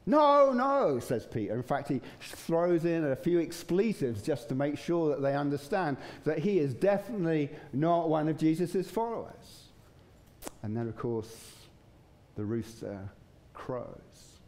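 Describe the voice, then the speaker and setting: A man's voice: fairly high pitch, lively intonation, unhurried, dark tone. A man preaching a sermon in a casual, conversational way, chuckling now and then. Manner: conversational, chuckling, acts out voices in stories. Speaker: pastor. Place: church.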